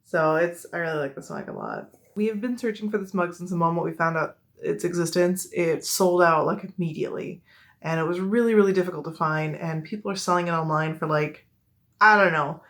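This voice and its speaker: A woman's voice: on the low side, very animated, fairly quick, fairly bright tone. A young woman with a Midwestern accent, chatting casually and rambling with many fillers and self-corrections as she shows off her collection. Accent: American Midwest. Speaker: collector showing her mugs. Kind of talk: casual show-and-tell chat.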